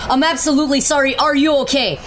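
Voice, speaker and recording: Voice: high voice, steady tone, fairly bright tone, a little hiss or hum. A performer playing an agitated man in a comedy skit, stammering and swearing. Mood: flustered. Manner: stammering, swearing, quick to anger. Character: agitated, foul-mouthed man who hit a woman.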